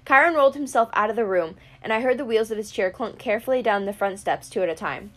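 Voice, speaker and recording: A woman narrating a first-person audiobook with steady storytelling. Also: mid-range voice, fast talker. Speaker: audiobook reader.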